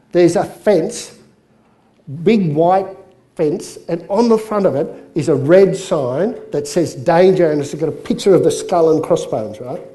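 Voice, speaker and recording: Male presenter, storytelling workshop delivery, a bit high-pitched. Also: dark tone. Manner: chatty, story-telling, with jokes. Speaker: business coach and presenter.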